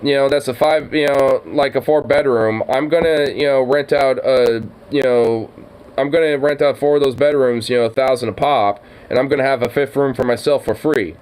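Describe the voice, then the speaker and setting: A man's voice: medium pitch, steady tone, moderate pace, a little mellow, clean tone, low-quality recording. A man reacting to a video in casual, profane commentary, ranting in exasperation. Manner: exasperated, ranting, swears a lot.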